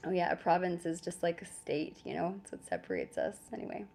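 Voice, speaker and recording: A woman's voice: on the low side, sing-song, fairly quick, gravelly, a little mellow. A woman with a Canadian accent hosts a casual live stream from home and talks straight into her phone. She chats easily and pokes fun at herself, with frequent laughs and the odd swear word. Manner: chatty and self-deprecating, laughs often, swears casually. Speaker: livestream host.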